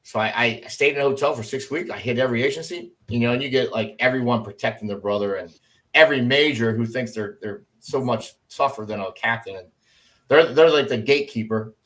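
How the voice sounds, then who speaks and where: A middle-aged former Army officer with a brisk, medium-pitched voice tells stories in a casual podcast interview. He's an animated storyteller who acts out the voices of the people he quotes.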